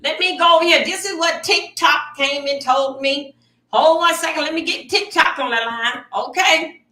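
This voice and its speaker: A woman's voice: high voice, normal speed, pushed and bright. A woman hosting a live stream, reacting to clips in a dramatic, exclamatory way and talking straight to her viewers. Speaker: livestream host. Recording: echoey room, distant mic.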